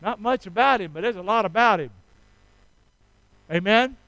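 A man's voice: high-pitched, animated, moderate pace, bright, forceful tone, no room sound, rough recording. A man preaching a sermon, passionately leading his congregation to repeat prayers after him in call and response. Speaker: pastor.

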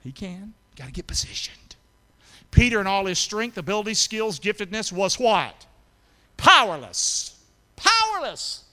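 High, lively preacher in a hall. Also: male voice, unhurried. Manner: call-and-response with the congregation, rising to shouts. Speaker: pastor. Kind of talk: preaching a sermon. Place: church sanctuary. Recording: long hall reverb.

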